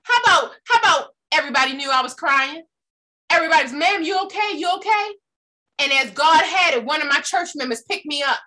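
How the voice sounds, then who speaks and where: A woman gives an emphatic motivational talk in a high voice. Her tone is bright and forceful, and she keeps turning to her listeners with questions as she tells personal stories. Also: lively intonation, fast talker. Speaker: motivational speaker.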